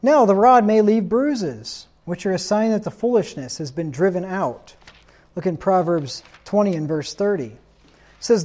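A man's voice: high voice, lively intonation, moderate pace, dark tone. A man preaching a sermon in a stern, insistent tone, reading scripture aloud and asking rhetorical questions.

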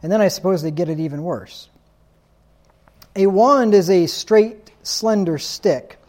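A man's voice: high voice, measured pace, a little mellow. A man preaching a sermon in a stern, insistent tone, reading scripture aloud and asking rhetorical questions.

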